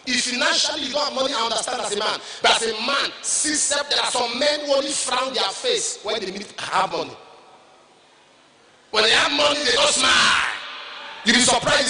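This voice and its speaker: Nigerian man, pastor mid-sermon, emphatic and sing-song, distant echoey hall. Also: extremely high pitch. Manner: emphatic, shouted lines and sing-song repetition.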